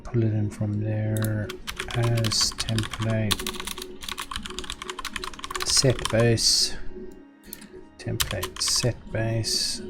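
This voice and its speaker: A South African man on a casual live coding stream, muttering commands aloud as he types, chatting with viewers and swearing freely. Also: lowish voice. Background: background music and keyboard typing.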